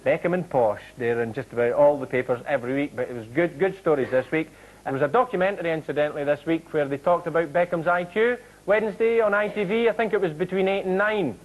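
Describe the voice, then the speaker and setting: A man's voice: a little high, quick pace, lo-fi sound. A middle-aged Scottish man hosting a comedy show, delivering a wry, chatty stand-up monologue. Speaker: comedy host. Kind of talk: stand-up monologue to studio audience.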